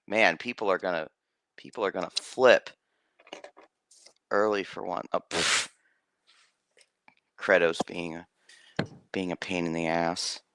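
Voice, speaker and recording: Slow, bright-voiced rambling game master man. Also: deep voice, fairly even intonation, dry recording. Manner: rambling storyteller, many restarts and fillers. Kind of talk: casual stream chat.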